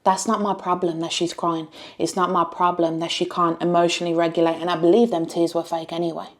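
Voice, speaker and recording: Woman, blunt and repetitive, swears, reaction commentary, lowish pitch. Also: little pitch movement, fairly quick. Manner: blunt, emphatic, repeats phrases, swears. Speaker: reality TV reaction vlogger.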